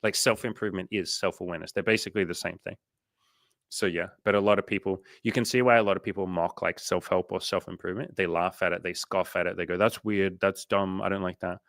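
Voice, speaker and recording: A man's voice: low voice, fairly even intonation, fast, vocal fry, a bit bright, no room sound. A man hosting a casual livestream coaching chat, swearing casually and animatedly retelling conversations.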